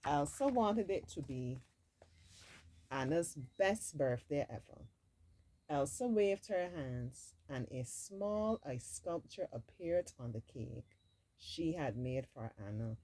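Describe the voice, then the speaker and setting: A woman's voice: low-pitched, very animated, takes it slowly, dark tone, low-quality recording. A woman reading a storybook aloud expressively, dropping in casual asides of her own. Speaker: storybook reader.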